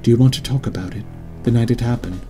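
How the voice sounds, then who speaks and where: A man's voice: mid-range voice, fast talker, warm tone, soft background music, natural voice. A man voicing a worried, insistent middle-aged mother in an audiobook, with pleading, scolding emphasis. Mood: tender. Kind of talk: audiobook character reading.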